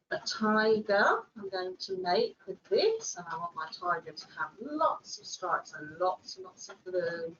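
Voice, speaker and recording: A woman working in early years education, giving a gentle, animated craft demonstration. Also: medium pitch, muffled recording, a little hiss or hum. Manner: gentle, animated, with playful voices. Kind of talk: instructional demonstration.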